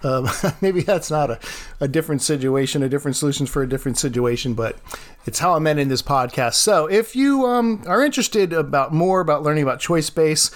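A man's voice: a little high, animated, a little fast. A man who teaches art, hosting his own podcast and telling a classroom story in a casual way, laughing often.

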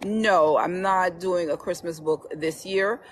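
A woman's voice: on the low side, slow pace, slight background noise. A woman author as a guest, chatting casually about her books and laughing often as she tells their stories. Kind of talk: casual chat.

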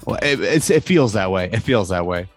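A man's voice: on the low side, lively intonation, normal speed, no room sound, soft background music. Chatty man hosting a football podcast. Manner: chatty, laughs often, rambling with fillers. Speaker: podcast host. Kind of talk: casual podcast chat.

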